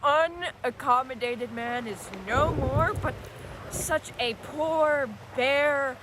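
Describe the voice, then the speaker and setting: A woman playing an old king stripped bare in a storm, speaking in a musing, deliberate way, with faint traffic ambience behind. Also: high-pitched.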